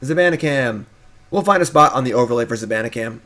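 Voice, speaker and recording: On his live stream, a young male host banters casually with viewers and his pet in an easygoing, unscripted, playful manner. He's a fast talker, with a pitch right in the middle for a man.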